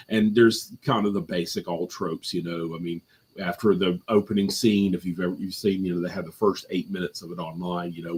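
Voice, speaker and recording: Husky-voiced man rambling through a review. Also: sits low. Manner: rambling, heavy on fillers and restarts. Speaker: panel guest on a live movie review. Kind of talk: casual live review chat. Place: at home.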